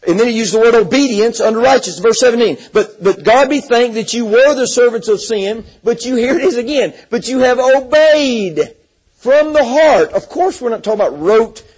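A man's voice: very high-pitched, lively intonation, fairly quick, hardly any pauses, a little mellow, husky, poor audio. A male preacher giving a sermon, reading scripture aloud and stressing key words by repeating them.

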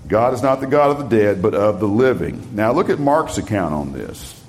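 A male preacher with a mid-range voice that rises and falls a lot. He reads scripture aloud slowly and with weight, then drops into plain, conversational explanation for his congregation. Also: mid-range voice, lively intonation. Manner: reads scripture slowly and emphatically, talks plainly between readings. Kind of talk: sermon with scripture reading.

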